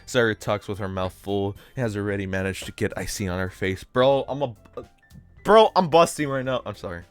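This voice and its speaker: A man's voice: fairly low pitch, fairly quick, smooth, dry recording, soft background music. A man streaming a visual novel, reading it aloud with joking, swearing asides.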